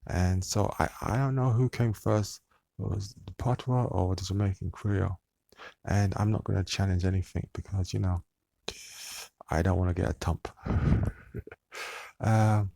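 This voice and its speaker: A man speaks in a low, unhurried drawl with a rough, gravelly edge. He rambles on to his viewers, hesitating and restarting often. The sound is dry and close, with no room around it. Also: steady tone, warm tone, no room sound. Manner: hesitant, meandering, many fillers and restarts. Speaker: channel host.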